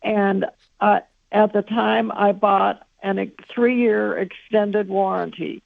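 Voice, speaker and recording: A woman calling in to a radio show, calmly explaining her complaint step by step. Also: mid-range voice, takes it slowly, creaky, no echo. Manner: matter-of-fact, explaining step by step. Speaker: caller. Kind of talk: phone-in complaint. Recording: tinny phone line.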